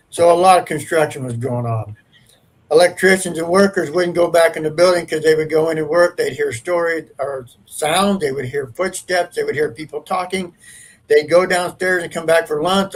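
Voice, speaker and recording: A man with a husky, slightly high voice tells a ghost story. He is a paranormal investigator and talks in an earnest, rambling, casual way. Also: rough recording.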